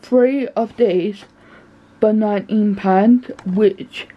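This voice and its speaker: A woman's voice: mid-range voice, fairly even intonation, drawn-out words. A woman chatting casually in her bedroom for her vlog, rambling from one thing to the next. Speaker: vlogger. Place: bedroom at home. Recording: dull lo-fi home recording.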